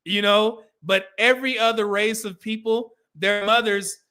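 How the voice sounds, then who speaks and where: A man's voice: sits high, unhurried, clean tone. A middle-aged man hosting a casual livestream, telling stories with frequent laughter and acting out quoted lines. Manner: animated storyteller, acts out quoted lines. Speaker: podcast host.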